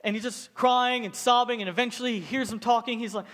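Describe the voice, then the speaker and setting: A young man with a high voice preaching to students in a relaxed, joking way, jumping into stories with lively asides. his words ring out with a long reverberant tail. it sounds like a big hall rather than a small room. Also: fast, hardly any pauses. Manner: casual, joking, animated storytelling. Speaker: youth pastor. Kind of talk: sermon.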